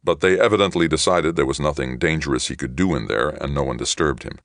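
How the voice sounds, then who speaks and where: A man reading a novel aloud as an audiobook narrator, in a steady, measured manner. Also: very deep voice, creaky, dry recording, clean studio sound. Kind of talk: scripted narration of a science fiction novel.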